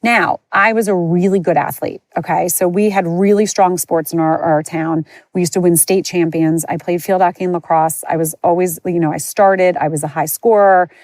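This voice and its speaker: Low-voiced woman telling her own story. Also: fairly even intonation, normal speed, hardly any pauses, darkish tone, no room sound. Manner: candid, chatty, frequent "like" and "you know". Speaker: podcast host. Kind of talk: personal storytelling.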